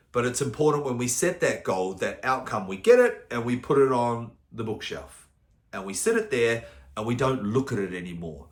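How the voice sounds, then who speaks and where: A man's voice: mid-range voice, echoey room. A man, working as a mental performance coach and giving a motivational talk through casual stories with the odd swear word. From New Zealand. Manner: casual storytelling, occasional swearing.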